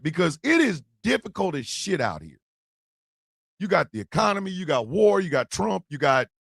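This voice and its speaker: Creaky, animated male show host. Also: fairly high pitch, no echo, studio quality. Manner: loud, animated, often shouting and laughing. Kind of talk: live talk show monologue.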